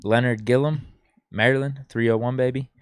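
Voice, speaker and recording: A man co-hosting a casual sports podcast, laid-back and dry-humored, reading out listener shout-outs. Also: medium pitch, steady tone, moderate pace, clean tone, dry recording.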